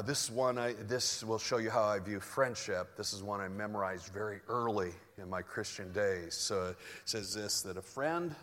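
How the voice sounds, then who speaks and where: A man in his sixties preaching a sermon as pastor, talking conversationally with fillers and restarts, moving between soft reflective passages and emphatic points. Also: lowish voice, long reverb tail. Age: 60s.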